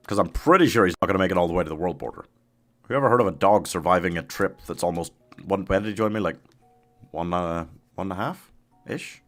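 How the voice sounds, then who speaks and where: A man streaming a game live, chatting casually with his chat, laughing often and yelping when danger appears. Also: deep voice. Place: home streaming setup.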